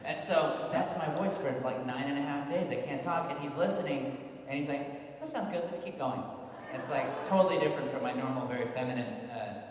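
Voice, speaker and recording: A voice actor guest tells animated, jokey stories at a convention Q&A panel in a large hall. His medium-pitched voice is a little fast, and the recording is echoey, noisy, and far from the mic.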